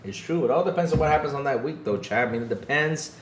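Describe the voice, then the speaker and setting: A man's voice: medium pitch, animated, fast talker, noisy background. A man hosting a casual gaming podcast, laid-back and chuckling, often repeating himself and tagging his lines with "though". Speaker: podcast host. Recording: echoey room.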